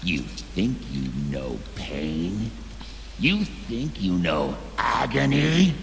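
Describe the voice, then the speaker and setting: An actor playing a sinister male Mayan god of the underworld, with a deep, gravelly, menacing voice and theatrical, gloating threats, heard as game audio with long reverb. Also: sing-song, extremely slow, background noise, full character voice.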